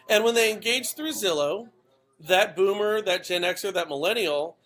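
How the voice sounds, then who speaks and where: A man with a high, bright, forceful voice rants his way through podcast commentary. He is blunt and emphatic, swears without a second thought, and keeps tossing "okay?" at the listener to drive his points home. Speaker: podcast host.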